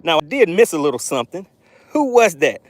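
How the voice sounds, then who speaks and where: A man hosting a live fishing stream from a boat on a lake, excitable and playful as he reads the chat aloud. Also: on the high side, fairly quick. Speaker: fishing channel host.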